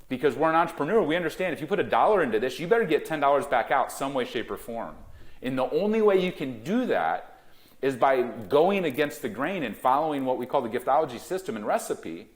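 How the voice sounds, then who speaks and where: An emphatic middle-aged man speaks in a business interview with a lively, swinging pitch. He punches his key words and slips into quick acted-out quotes. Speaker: guest, gifting company founder. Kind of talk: animated business interview talk.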